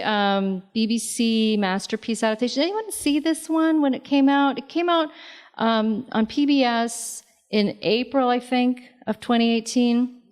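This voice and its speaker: A woman author giving a public talk in a library lobby, speaking conversationally with many fillers and lively asides. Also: a little high. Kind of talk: public lecture.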